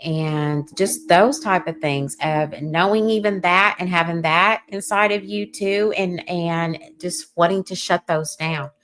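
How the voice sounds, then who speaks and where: Woman, very low voice, podcast host, affirming, conversational. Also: fairly even intonation, unhurried, hardly any pauses. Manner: warm affirming, frequent agreement.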